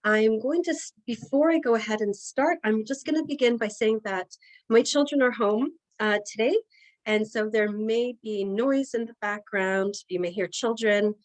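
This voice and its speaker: A young woman leads an energy healing session from her home. She talks informally and hesitantly, with many fillers and pauses, at a middling pitch. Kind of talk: guided healing session talk.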